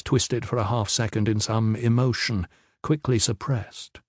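A man reading a novel aloud as a narrator, measured and steady, shifting his pace with the action. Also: fairly low pitch, husky, no echo, clean studio sound. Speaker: audiobook narrator. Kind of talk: scripted narration.

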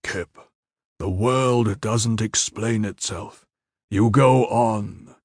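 A man voicing a stern male military commander with a low, gravelly voice, speaking slowly and levelly. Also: no room sound, studio quality, heavily acted. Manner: level, slow and heavy.

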